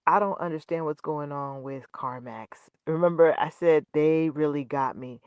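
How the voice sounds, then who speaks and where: A woman guest telling a story in casual chat, expressive and laughing. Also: sits low, moderate pace, clear, resonant tone, dry recording, dull audio.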